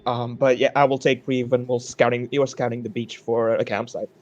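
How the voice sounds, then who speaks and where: A man's voice: medium pitch, flat delivery, fairly quick, muffled recording, faint music behind. A man chatting casually as a player in a tabletop role-playing game. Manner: easygoing, laughing often.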